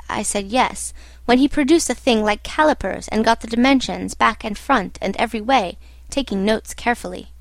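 A woman giving a measured, literary audiobook narration. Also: fairly high pitch, no echo.

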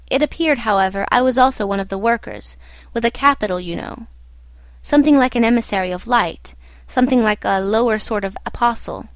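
A woman giving a measured, literary audiobook narration. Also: fairly high pitch, no room sound.

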